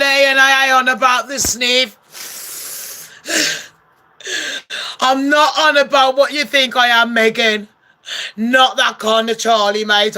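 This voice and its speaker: A woman's voice: fairly high pitch, bright, forceful tone. Woman doing a foul-mouthed ninety-something queen. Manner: brash, swearing, mocking. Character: crude, cheeky elderly queen in her nineties.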